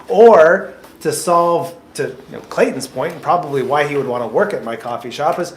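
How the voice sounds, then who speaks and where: This man's voice is on the high side, and he talks at normal speed with few pauses while patiently coaching job seekers in a cheerful, joking mock interview. It's recorded in an echoey coffee shop with a little hiss or hum.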